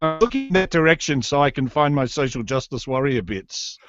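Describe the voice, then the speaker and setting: A man's voice: mid-range voice, animated, a little fast, music in the background. An Australian man, a podcaster, joking and rambling in a self-mocking way on a video call. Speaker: podcaster guest. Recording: dull lo-fi call audio.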